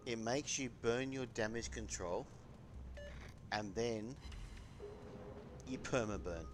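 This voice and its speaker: A man giving casual, chatty gameplay commentary with bursts of excitement. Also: medium pitch, slow, over music. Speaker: gaming channel host. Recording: game noise in the background.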